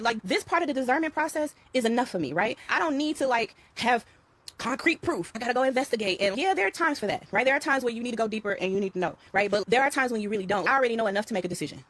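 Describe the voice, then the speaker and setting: A woman's voice: a little high, lively intonation, fast talker, a bit bright. A middle-aged woman, talking in a casual spiritual vlog, emphatic and repetitive, calling her viewers y'all. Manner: emphatic, repeats phrases, addresses viewers as y'all and child. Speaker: vlogger talking to her followers.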